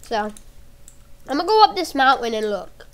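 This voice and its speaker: Woman, improvised home-movie acting; very high voice, rambling, repetitive, hushed and uneasy. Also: sing-song, moderate pace. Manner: rambling, repeats herself.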